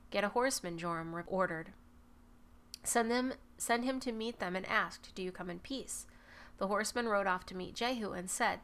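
A woman reading a Bible passage aloud at a measured pace, now and then correcting a slipped word. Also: medium pitch, fairly bright tone. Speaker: Bible reader. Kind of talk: scripture reading.

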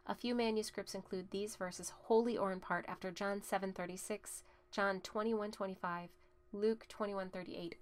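A woman reading scripture aloud in a steady, plain voice, including verse references and notes. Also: medium pitch. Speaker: Bible reader.

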